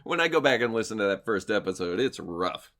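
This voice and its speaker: Male co-host, lively pitch, friendly, laughs a lot, asks questions. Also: fairly quick. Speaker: podcast co-host. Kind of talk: casual chat.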